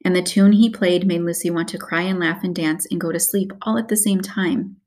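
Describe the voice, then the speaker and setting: A woman narrating a children's story aloud in a steady storytelling read. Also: fairly low pitch, brisk. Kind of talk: audiobook narration.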